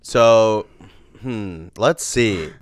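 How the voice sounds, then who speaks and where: A man's voice: lowish voice, very slow, no echo, studio quality. A young man co-hosting a casual chat, joking and sarcastic, laughing often. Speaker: podcast co-host.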